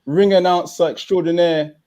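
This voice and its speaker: A man's voice: high-pitched, fairly even intonation, normal speed, warm tone. A young man hosting a live boxing watchalong, upbeat and full of banter. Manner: hyped, banter-filled. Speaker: host. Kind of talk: casual live watchalong chat.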